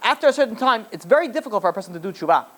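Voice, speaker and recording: A rabbi telling a story in a sermon, rambling with many "you know" and "right?" asides. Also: male voice, sits high, expressive, very fast, a bit bright.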